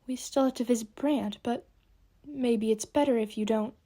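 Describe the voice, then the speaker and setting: A woman voicing a gentle, grieving elf mother who speaks quietly. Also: on the high side, normal speed, husky.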